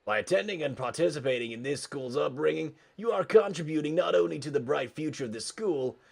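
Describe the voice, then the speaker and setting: A man's voice: on the high side, expressive, brisk, gravelly, darkish tone, voice pushed up. A man voicing a self-important teenage class president making a grand, pompous speech in a game.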